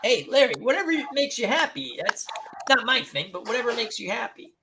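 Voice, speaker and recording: Rambling opinionated male host, lively pitch. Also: brisk. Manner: rambling, opinionated, restarts often. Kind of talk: casual live-stream chat. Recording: noisy home mic.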